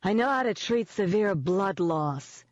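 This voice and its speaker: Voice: medium pitch, animated, a little fast, dry recording, voice pushed up, natural voice. Ivy, a reader voicing a blunt, bossy woman. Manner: belligerent and commanding. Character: protective, blunt woman housemate. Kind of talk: audiobook character voice. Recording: dull, dry lo-fi audio.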